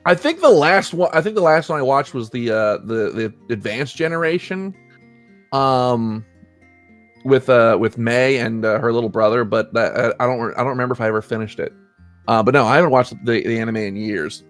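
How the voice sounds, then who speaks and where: A man's voice: medium pitch, normal speed, soft background music. Casting: young male podcast host, easygoing, chatty, restarts lines a lot. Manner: rambling, self-correcting, laughs often. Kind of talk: casual chat.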